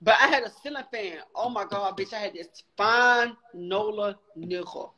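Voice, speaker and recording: A woman hosting a livestream, telling stories excitedly and swearing freely in casual chat. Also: mid-range voice, moderate pace. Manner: excitable, profane storyteller. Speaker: livestream host.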